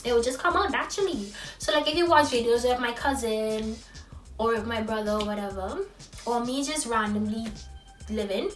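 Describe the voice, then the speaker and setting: A young woman vlogger with a childlike high voice, talking in a sassy, expressive way that swings from loud to hushed. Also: normal speed, reverberant, far from the mic, soft background music. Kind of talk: casual vlog monologue.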